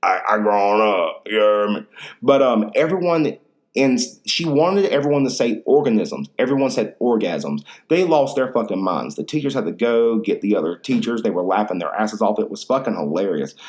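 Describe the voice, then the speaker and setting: A man's voice: fairly low pitch, lively intonation, moderate pace, a little mellow. Profane rambling man podcasting solo. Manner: rambling, profane, slangy storytelling. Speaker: podcast host. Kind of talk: casual solo podcast monologue.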